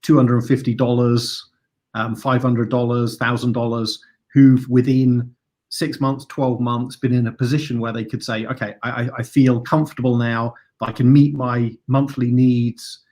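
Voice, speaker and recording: This is a man being interviewed over a video call as a trading coach. He speaks hesitantly, often restarting and repeating words. His voice sits at an average pitch for a man. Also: level tone, normal speed, a little mellow.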